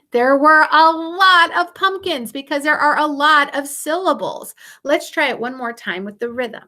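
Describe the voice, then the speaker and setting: A woman teaches a music lesson to young children on video, her voice riding high and swooping up and down with animated expression. She talks in a bright, encouraging sing-song and plays up mock surprise to keep the kids engaged. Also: normal speed, hardly any pauses.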